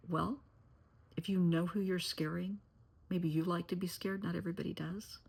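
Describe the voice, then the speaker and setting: A woman's voice: fairly low pitch, vocal fry, darkish tone, breathy edge. A middle-aged woman therapist giving earnest, cautionary advice to parents, often dropping to a near-whisper. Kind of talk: direct-to-camera advice talk.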